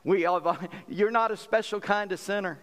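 Preacher guy, kinda high voice, folksy and chatty, big echoey hall. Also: normal speed, fairly bright tone. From South Carolina, US. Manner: folksy, conversational preaching with laughs and acted quotes. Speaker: pastor. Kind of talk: sermon. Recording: long hall reverb.

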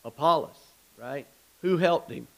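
A man's voice: a little high, a little slow, creaky, fairly bright tone, poor audio. Man teaching a chatty Bible class. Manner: rambling, with frequent restarts and direct questions to the class.

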